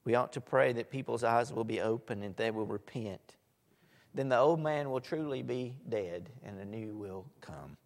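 A man preaching a sermon, swinging from soft asides to loud, emphatic lines. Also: medium pitch, moderate pace. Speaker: pastor. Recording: echoey hall.

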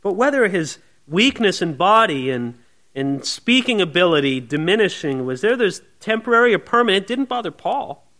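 A man's voice: big pitch swings, moderate pace. A man preaching a conversational verse-by-verse sermon who keeps asking the congregation questions and acts out quoted voices. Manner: conversational, often asks the listeners questions; acts out quoted voices with big shifts in pitch and loudness. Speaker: pastor. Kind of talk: expository sermon.

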